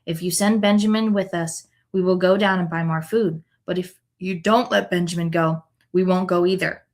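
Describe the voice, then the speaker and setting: A woman's voice: on the low side, fairly even intonation, normal speed, a little mellow, natural voice. A woman reading the lines of a grown son who earnestly pledges to bring his brother back to his father.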